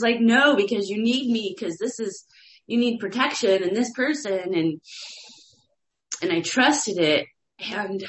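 A woman sharing a vulnerable personal experience after a meditation, searching for words as she talks. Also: a little high. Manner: searching, halting, confessional. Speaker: meditation group participant. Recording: roomy echo.

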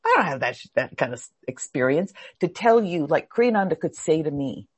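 A woman's voice: low voice, sing-song, a little fast, husky. A woman teaching a spiritual class, speaking earnestly and with feeling as she searches for her words.

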